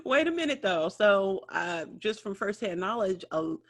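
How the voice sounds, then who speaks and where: A woman co-hosting a podcast, an animated storyteller who acts out what other people said. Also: medium pitch, unhurried. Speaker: podcast co-host.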